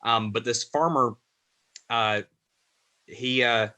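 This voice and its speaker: A man narrating a tabletop game as game master, describing scenes in a halting, descriptive way. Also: mid-range voice, pushed and bright, dry recording.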